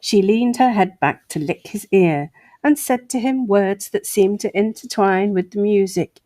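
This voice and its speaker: A woman's voice: mid-range voice, measured pace, mellow, dry recording. A woman hosting her own show, reading an article aloud and breaking off for sarcastic asides. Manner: sarcastic asides between read passages. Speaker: host.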